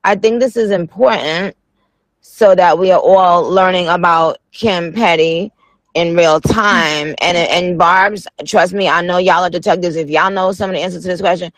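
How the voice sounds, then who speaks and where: A woman's voice: fairly low pitch, fairly even intonation, moderate pace, no echo. A woman hosting a radio show, chatting with a guest in a playful, slangy, teasing way. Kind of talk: casual radio interview.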